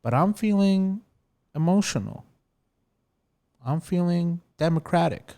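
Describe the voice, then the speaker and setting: A young man with a slightly high voice hosts a comedy podcast. He talks slowly and milks every line with theatrical, mock-dramatic flair. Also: animated, mellow. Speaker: podcast host.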